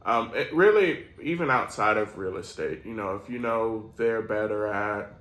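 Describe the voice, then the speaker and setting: A man's voice: on the low side, animated, normal speed, fairly bright tone, echoey room, poor audio. A man co-hosting a casual chat, talking in an easygoing, rambling way. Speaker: co-host.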